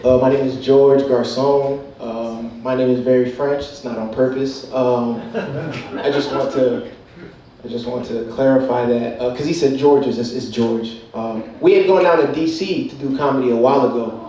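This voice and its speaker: A man's voice: mid-range voice, normal speed, crowd noise. A man with a New Jersey accent doing a stand-up set, laid-back, chuckling between lines. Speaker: stand-up comic. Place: comedy club with audience. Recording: echoey club recorded from far off.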